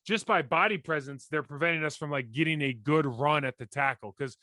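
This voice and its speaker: A man in his forties co-hosting a casual sports podcast, animated and breaking down plays in detail with many restarts. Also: a little high, fairly quick, dry recording. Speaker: podcast co-host, former NFL lineman.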